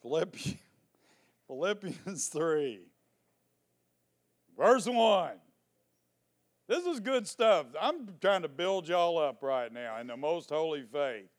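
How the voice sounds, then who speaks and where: A man's voice: on the high side, lively intonation, slow pace, long pauses. A man preaching a sermon to his congregation, joking and teasing between Bible readings. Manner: reads scripture aloud and explains it. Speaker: pastor. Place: church before a congregation.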